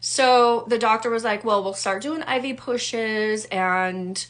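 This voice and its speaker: Animated woman telling her story. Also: slow. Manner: animated, acts out quoted people with big pitch jumps. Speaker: wellness coach. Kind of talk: personal storytelling to camera.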